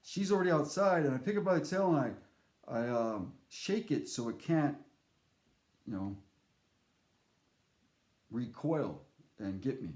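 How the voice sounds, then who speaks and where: Animated man telling a story, echoey room. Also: mid-range voice, a little slow, pauses often. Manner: animated, rambling with fillers and restarts. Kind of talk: casual spoken anecdote.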